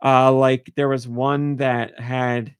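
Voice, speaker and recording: A man's voice: medium pitch, level tone, takes it slowly, clean tone, dry recording. A man hosting a podcast, chatting casually and gushing with enthusiasm. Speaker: podcast host.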